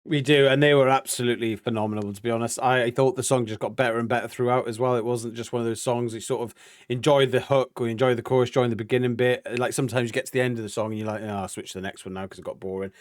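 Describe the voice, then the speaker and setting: Casting: chatty British male reaction co-host, excitable, dry close sound. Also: mid-range voice, fast, dry recording. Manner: excitable, chatty, laughs often. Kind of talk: casual reaction chat.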